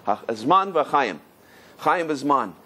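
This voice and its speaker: A middle-aged rabbi lecturing on Torah, telling stories with lively emphasis and repeated phrases. His voice sits high for a man and has a husky grain. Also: takes it slowly. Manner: animated, repetitive storytelling.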